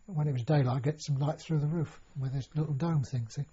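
A man's voice: on the high side, steady tone, fairly quick, dark tone, slightly rough. An older man recalling his past in an oral history interview, rambling with many restarts and fillers. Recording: dull lo-fi recording.

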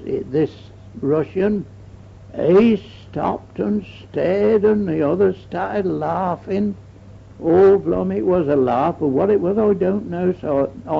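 Slow gravelly old man. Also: medium pitch. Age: older. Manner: rambling storyteller, repeats "I said", chuckles at memories. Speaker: veteran recounting war memories. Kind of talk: oral history recollection. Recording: dull old archival tape recording.

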